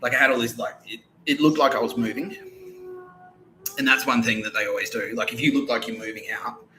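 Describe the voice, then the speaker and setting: A man's voice: medium pitch, steady tone, a little fast, background noise. A young adult man, hosting a podcast and telling a long comic story in a profane, meandering way, laughing between his lines. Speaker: podcast host.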